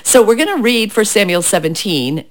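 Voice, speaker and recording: A woman co-hosting a casual faith chat, an animated storyteller who laughs often. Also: mid-range voice, fairly quick. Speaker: podcast co-host.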